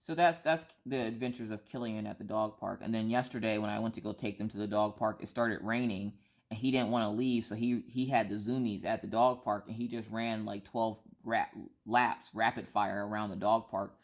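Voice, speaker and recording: A woman's voice: extremely low pitch, fairly even intonation, moderate pace. A woman in her thirties who vlogs, chatting and telling a rambling story full of asides and restarts. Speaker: vlogger. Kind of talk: casual storytelling chat.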